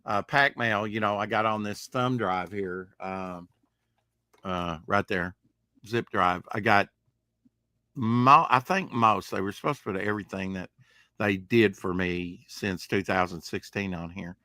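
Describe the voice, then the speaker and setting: Male live stream co-host, bright and forceful, dry close sound, rambling and jokey delivery. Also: on the low side, unhurried, dry recording. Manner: rambling, jokey, trails off mid-sentence. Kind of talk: casual live stream chat.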